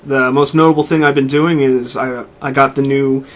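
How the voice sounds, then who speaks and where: A podcast co-host chats casually, retelling a video game at length in a rambling, animated way with lots of restarts. His voice is medium-pitched and his pace moderate.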